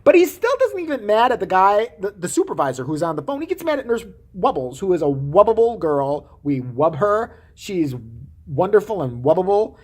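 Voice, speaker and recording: A woman's voice: medium pitch, sing-song, normal speed, darkish tone. A woman vlogger giving profane, sarcastic commentary with frequent swearing. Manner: sarcastic, swearing, laughing asides.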